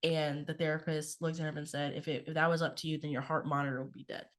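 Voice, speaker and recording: A woman's voice: deep voice, level tone, fast. A woman co-hosting a podcast, talking casually about feelings with lots of fillers and the odd swear word. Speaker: podcast co-host. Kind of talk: casual spiritual chat.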